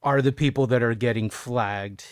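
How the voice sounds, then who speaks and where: A man's voice: mid-range voice, moderate pace, clear, resonant tone, no echo, studio quality. Chatty rambling man streaming a game. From Texas. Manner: rambling, chatty, reads chat aloud. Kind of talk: casual live-stream chat.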